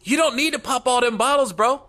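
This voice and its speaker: A man's voice: very high-pitched, fairly quick, bright, forceful tone. A middle-aged man hosting a comedy podcast, chatting loosely and laughing hard at jokes. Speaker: podcast host. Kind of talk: casual comedic podcast chat.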